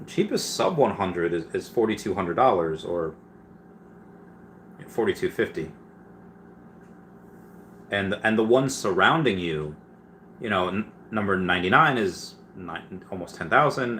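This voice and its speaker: A man's voice: on the low side, fairly bright tone, a little hiss or hum. A man hosting a casual livestream, reading viewer questions aloud and answering them with many fillers and restarts.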